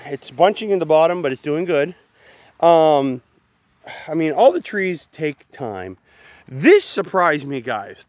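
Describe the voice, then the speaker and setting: A man's voice: on the high side, no echo. A man giving a casual, chatty walk-through of his garden outdoors, often calling the viewers guys. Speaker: gardening vlogger.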